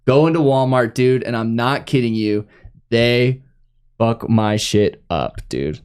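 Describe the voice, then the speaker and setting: A man's voice: mid-range voice, a little slow, darkish tone, clear, resonant tone. A young man, hosting a podcast and telling stories in a casual, filler-heavy way. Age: young adult. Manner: storytelling with lots of fillers. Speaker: podcast host. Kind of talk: casual chat.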